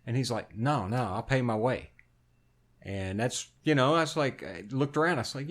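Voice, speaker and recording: A man's voice: mid-range voice, normal speed. A man co-hosting a podcast, telling blunt, profane stories in casual chat. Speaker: podcast co-host.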